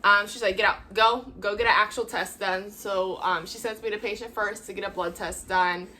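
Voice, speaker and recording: A woman's voice: mid-range voice, steady tone, moderate pace, bright, forceful tone. A young woman hosting a vlog, chatting casually and laughing often as she acts out what people said. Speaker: vlog host. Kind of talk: casual storytelling.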